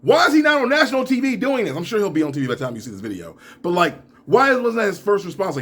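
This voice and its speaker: A young adult man giving reaction commentary in a video, ranting and laughing, his voice rising to near shouts and sinking to mumbles. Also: high voice, very animated, fast, hardly any pauses, slightly rough. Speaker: YouTuber.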